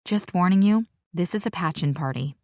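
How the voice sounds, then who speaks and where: A woman's voice: on the low side, animated, normal speed, mellow, no echo, studio quality. A woman voicing an anxious young woman warning her friend urgently. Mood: worried. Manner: nervous, urgent.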